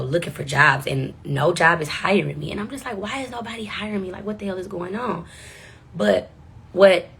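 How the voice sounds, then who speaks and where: Young woman with a creaky voice, candid and profane, recounting her struggles to camera. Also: fairly low pitch, a bit bright. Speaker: vlogger. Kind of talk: casual storytelling to the camera.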